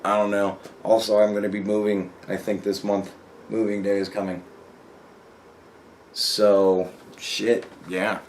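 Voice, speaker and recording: A man's voice: on the low side, measured pace, a little hiss or hum. A young man rambling casually in a vlog, swearing a lot, laughing often and acting out his stories. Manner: profane, laughs often, animated storytelling. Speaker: vlogger.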